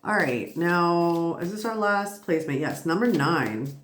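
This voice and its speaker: A tired woman giving a casual, reassuring spiritual tarot reading, chatty and quick to laugh. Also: lowish voice, animated, a little hiss or hum. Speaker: tarot reader. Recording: roomy echo.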